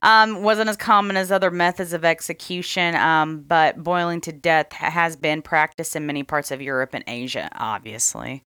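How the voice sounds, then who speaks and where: Man, podcast co-host, laid-back, reads notes, smooth clear voice, dry sound. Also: fairly high pitch, steady tone, moderate pace, few pauses, pushed and bright, no room sound. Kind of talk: casual podcast chat.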